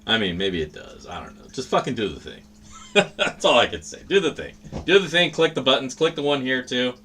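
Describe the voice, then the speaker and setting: Lively, bright-voiced man rambling casually. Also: mid-range voice, a little fast, a little hiss or hum. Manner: rambling, profane, laid-back. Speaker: livestream host. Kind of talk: casual livestream chat.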